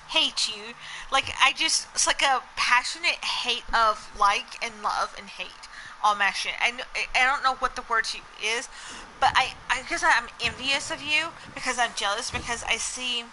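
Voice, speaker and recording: A woman with a slight Southern accent talks to her viewers in a loose, rambling flow that leans on fillers. Her voice is very bright and sharp. A faint hum of noise sits behind her. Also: on the high side, normal speed, rough recording. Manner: rambling, stream-of-thought, heavy "like" and "you know" fillers. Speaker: vlogger. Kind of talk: casual chat to viewers.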